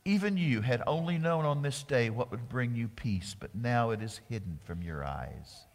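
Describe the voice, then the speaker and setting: A man voicing a sorrowful Jesus who weeps over a city, speaking low and sinking to a hush. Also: animated, moderate pace, long reverb tail, natural voice. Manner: low, grieving, fading to a hush.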